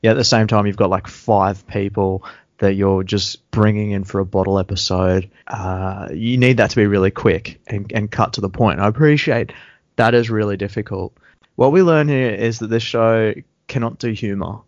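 A man's voice: on the low side, normal speed, no room sound. A man co-hosting a podcast, recapping a show in casual chat with sarcastic, joking rants. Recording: dull lo-fi sound.

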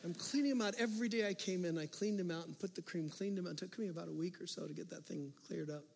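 A male pastor preaching a sermon, telling a story with animated swings from loud to hushed. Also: high voice, fast, gravelly, slight background noise. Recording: long reverb of a large hall.

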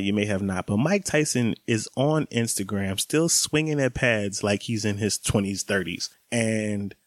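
A young man in his late twenties with a fairly low voice talks to camera in a loose, chatty vlog style, laughing here and there. The sound is close and dry, with no room echo. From American South. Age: 20s. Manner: chatty, laughs while talking. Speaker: vlogger. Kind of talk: casual vlog monologue.

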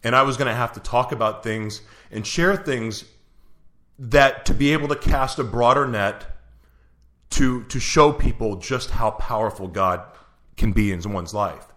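Guy hosting an interview, earnest, restarts a lot, middle pitch. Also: unhurried, bright, forceful tone. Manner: earnest, searching questions with restarts. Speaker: interview host. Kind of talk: conversational interview.

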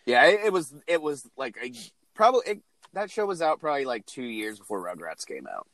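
A man co-hosting a casual movie podcast, animated, crude and quick to laugh. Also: mid-range voice, dry recording. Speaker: podcast co-host.

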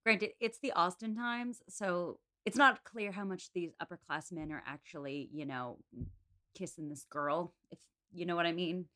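Woman co-host, wry and animated book chat, bright tone. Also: fairly low pitch. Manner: animated, wry, quick to joke and laugh. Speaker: podcast co-host. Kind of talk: casual book-discussion chat. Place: apartment room in a city.

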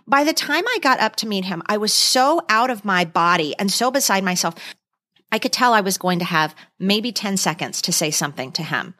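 A woman's voice: mid-range voice, animated, normal speed, bright, forceful tone. A middle-aged woman co-hosting a podcast, chatting casually and speaking straight to the listeners with enthusiasm. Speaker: podcast co-host. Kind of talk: casual chat.

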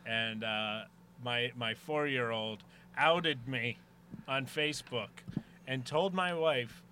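Bright-voiced laughing podcast host man. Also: mid-range voice, takes it slowly, a little hiss or hum. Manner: animated storyteller, laughs often. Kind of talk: casual chat.

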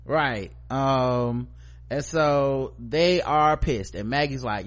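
A man hosting a podcast, recapping a TV episode in a casual, joking, animated way. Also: mid-range voice, slow. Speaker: podcast host.

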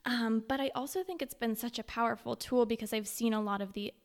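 Young woman with vocal fry, chatty. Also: a little high, brisk. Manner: chatty and candid, with frequent fillers. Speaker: podcast guest, mother and blogger. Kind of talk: casual interview answers.

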